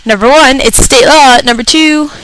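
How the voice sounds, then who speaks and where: A young woman on a talk segment, venting in an exasperated, foul-mouthed comic rant. Her voice sits fairly high, and she slips into the voices of the customers and coworkers she complains about. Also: normal speed, fairly bright tone, slight background noise, low-quality recording. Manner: exasperated, profane, acts out customers. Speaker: radio show personality. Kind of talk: comedic rant.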